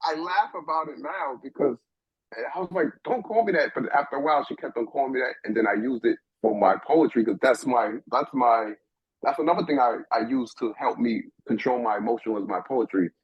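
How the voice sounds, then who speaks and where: A husky middle-aged man from New York tells a personal story with lively, halting energy, circling back over his own words. The sound is dry and close, with a dull, lo-fi edge. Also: medium pitch, no echo. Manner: animated, restarts often, repeats words while thinking. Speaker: guest.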